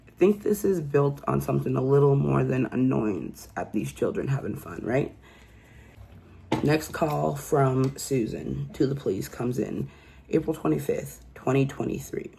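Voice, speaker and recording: A man's voice: mid-range voice, animated, measured pace, vocal fry, warm tone, husky. A man casually recapping a true crime case in a rambling, incredulous way, full of fillers.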